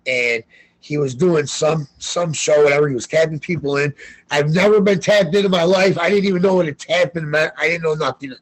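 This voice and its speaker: A man talking as a podcast guest, loud and excitable, telling stories with lots of energy and cursing. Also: fairly high pitch, breathy edge, no room sound, rough recording. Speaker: guest sports bettor. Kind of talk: casual podcast interview.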